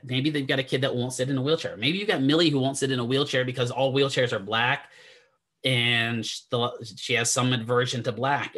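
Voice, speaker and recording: A man's voice: medium pitch, fairly bright tone. A man teaching a classroom lecture in a chatty, digressive way, often asking the students questions. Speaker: physical therapy instructor.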